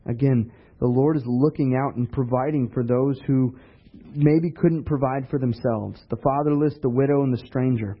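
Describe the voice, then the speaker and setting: A man's voice: mid-range voice, fairly even intonation, moderate pace, breathy edge. A man preaching a sermon in a conversational way, asking rhetorical questions. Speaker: pastor. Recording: dull lo-fi recording.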